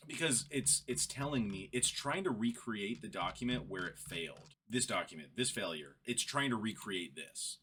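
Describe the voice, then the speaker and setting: A man's voice: on the low side, animated, moderate pace, a bit bright, breathy edge. A young man recounting a frustrating chat in a casual rant, exasperated and building to laughing frustration. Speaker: vlogger. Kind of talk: casual screen-recorded rant.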